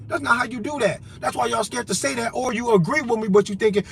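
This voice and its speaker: A man's voice: very high-pitched, fairly quick, gravelly, a little hiss or hum. Heated, confrontational man ranting. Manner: profane, confrontational, heated, addresses listeners directly. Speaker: vlogger. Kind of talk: unscripted monologue rant.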